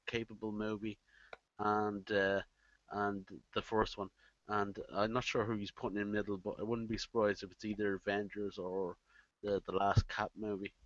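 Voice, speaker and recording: A man co-hosting a casual film podcast, halting and repeating his words and laughing easily. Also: lowish voice, fairly bright tone, no room sound. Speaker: podcast co-host. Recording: dull dry lo-fi podcast mic.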